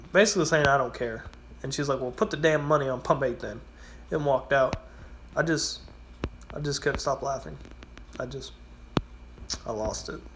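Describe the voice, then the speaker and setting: Against a noisy background, a medium-pitched man recounts loose, rambling tales from working at a gas station in a casual storytelling vlog. He swears liberally and plays out his customers' parts.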